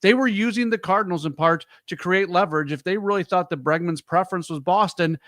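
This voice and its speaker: A man hosting a sports talk show, calm and measured as he explains the news. His voice is a bit high for a man and sounds close and dry. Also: no room sound. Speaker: sports radio host.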